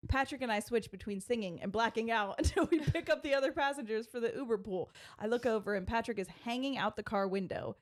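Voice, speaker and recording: A woman's voice: on the high side, fast, few pauses. A woman streamer reading a funny story aloud to friends in casual chat, giggling often.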